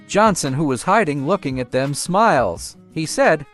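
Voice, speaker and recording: A man narrating a comic story recap in an animated storytelling way. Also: on the high side, measured pace, few pauses, soft background music.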